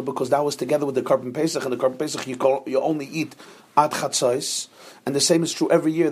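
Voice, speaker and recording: Husky man teaching a Torah class. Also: medium pitch, a little mellow. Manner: explains step by step, often checking with 'right?'.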